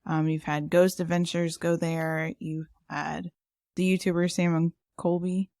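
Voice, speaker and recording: Low-voiced woman chatting on a podcast. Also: flat delivery, unhurried, darkish tone, no room sound, clean studio sound. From lived in San Antonio, Texas. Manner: chatty, laughs often, many fillers. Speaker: podcast co-host. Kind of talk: casual chat.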